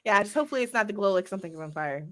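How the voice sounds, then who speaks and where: An American woman in casual chat as a podcast co-host, giggly and quick to laugh, talking in an animated way. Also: mid-range voice. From United States.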